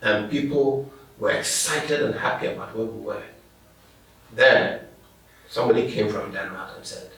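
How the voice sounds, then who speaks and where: Gravelly pastor telling stories. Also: male voice, fairly low pitch, normal speed, long pauses, a bit bright. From Ghana. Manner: anecdotal, laughs while telling stories. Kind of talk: storytelling interview answers. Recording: echoey room, distant mic.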